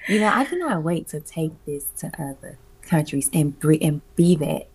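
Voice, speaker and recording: A woman guest in a casual interview, telling stories in an animated, emphatic way, laughing often and swearing freely. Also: sits low, moderate pace, slightly rough. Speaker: guest, community music event organizer. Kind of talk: casual conversational storytelling.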